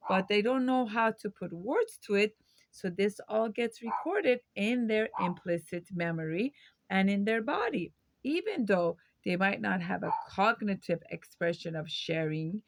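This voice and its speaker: A woman's voice: mid-range voice, expressive, measured pace, dry recording. A woman hosting her own video, giving a reflective educational talk to camera and posing rhetorical questions. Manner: reflective, poses rhetorical questions, occasional fillers.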